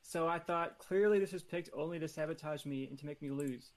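A man pitching a movie idea on a casual podcast, playful and competitive, rambling through his ideas. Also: a little fast. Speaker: podcast panelist. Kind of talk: casual chat.

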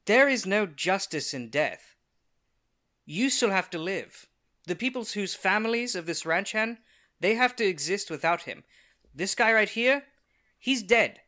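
A man playing his character in a tabletop game, who moves between heated outbursts and quiet, sincere speech. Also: sits high, animated, unhurried. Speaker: player.

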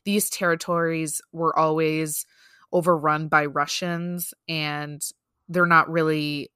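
A woman co-hosting a podcast in a relaxed, chatty way, leaning on fillers as she goes. Her voice sits a little low but sounds bright and forward. The sound is dry and close. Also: takes it slowly, clear, resonant tone, no room sound. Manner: chatty, laughs often, loose fillers. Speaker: podcast co-host. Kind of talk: casual news chat.

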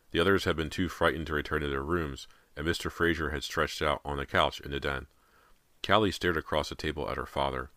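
A man reading a horror novel aloud in a measured, steady voice, close to the mic. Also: extremely low pitch, no echo. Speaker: audiobook narrator. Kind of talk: scripted horror narration.

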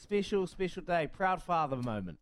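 A man's voice: on the high side, lively intonation, moderate pace, smooth. A man co-hosting a radio show, giving out the call-in number and teasing his co-host, whom he calls "Uncle". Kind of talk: casual radio banter.

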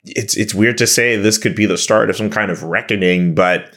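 A man's voice: lowish voice, moderate pace. A man guesting on a hockey podcast, talking casually and loosely with lots of fillers. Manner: relaxed, rambling with many fillers.

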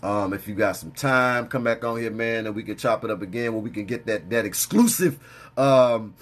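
A man's voice: fairly low pitch, normal speed. A man hosting a casual interview, easygoing, often restarting his words and tagging "man" onto them. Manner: stammering restarts, easygoing, says "man" a lot. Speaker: podcast host.

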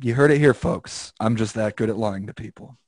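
A podcast co-host chats casually and tells stories, acting out quotes with big jumps in pitch as an animated storyteller. He talks briskly, with no room sound.

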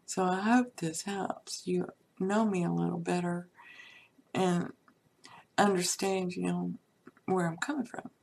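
A woman casually telling a personal story from her life to her viewers, chatty with many asides and soft laughs. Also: lowish voice, fairly even intonation, unhurried, creaky, pauses often, slight background noise.

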